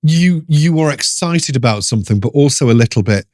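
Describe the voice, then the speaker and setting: A middle-aged man telling a ghost story in an interview, animated, laughing often and restarting his sentences. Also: medium pitch, a little fast. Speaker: guest storyteller.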